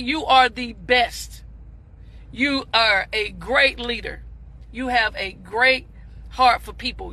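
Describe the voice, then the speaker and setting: A woman giving an impassioned motivational talk on a live stream, repeating phrases and breaking into shouts. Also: sits high, creaky, no echo. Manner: fervent, preachy, repeats phrases, bursts into shouts; addresses viewers as "beautiful people".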